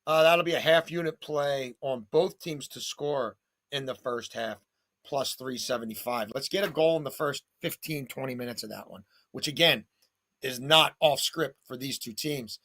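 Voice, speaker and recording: A man hosting a sports betting show, giving soccer picks in an animated, jokey, punchy way. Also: mid-range voice, moderate pace.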